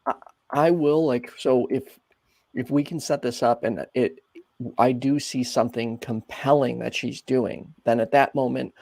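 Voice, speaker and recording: A man hosting a call-in show, chatting in a relaxed, friendly way with many fillers. His voice sits at a middle pitch with a gravelly edge. The mic is close and dry. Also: unhurried, no room sound. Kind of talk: casual call-in talk.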